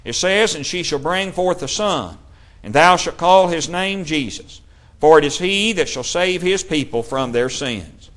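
A man preaching a sermon, reading scripture passages aloud in a measured way. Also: fairly high pitch, animated, fairly bright tone.

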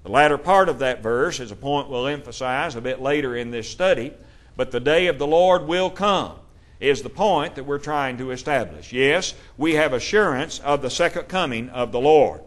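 Male preacher with a mid-range voice, measured Bible teaching with forceful scripture readings. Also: mid-range voice. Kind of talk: sermon.

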